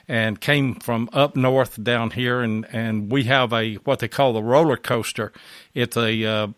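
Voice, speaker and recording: A man's voice: medium pitch, fairly bright tone, smooth. A man with a drawl hosts a casual talk show and tells folksy stories with an easy laugh. His voice sits in the middle of the range. It is recorded dry and close, with no room echo. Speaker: podcast host. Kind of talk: casual storytelling chat.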